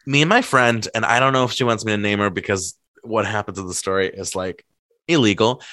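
A man's voice: lowish voice, brisk, bright, forceful tone, no room sound. A man telling stories in casual chat, rambling and packed with filler words. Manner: laughs while telling stories.

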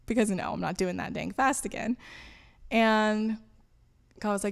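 A woman's voice: mid-range voice, moderate pace, vocal fry, long pauses, smooth. A woman guest in a podcast interview, talking candidly about her faith with fillers and laughs. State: voice cutting out. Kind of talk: personal testimony interview.

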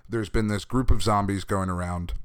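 A man casually reviewing comics on a podcast, his voice hoarse from being sick, talking candidly with swearing and laughs. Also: fairly low pitch, moderate pace, no echo, clean studio sound. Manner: candid, profane, animated rants with laughter. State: hoarse from recent illness. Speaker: comic book podcast host.

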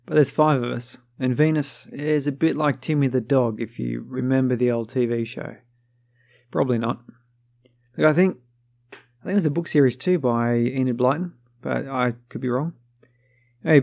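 A man with a gravelly, slightly creaky voice narrates a first-person story. He talks casually and wryly, often pausing to correct himself. The sound is close and dry. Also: mid-range voice, dry recording. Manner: casual, self-correcting, wry.

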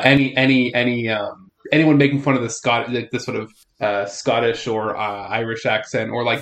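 A man's voice: medium pitch, fairly bright tone. Hesitant man on a podcast. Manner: hesitant, filler-heavy, amused. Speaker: podcast co-host. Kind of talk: casual podcast discussion.

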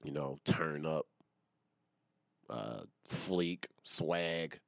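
Young male podcaster, very deep voice, dry close sound, loose profane self-mocking solo rant. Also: fairly even intonation, very slow, creaky, a bit bright, no room sound. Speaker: podcast host. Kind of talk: casual solo podcast monologue.

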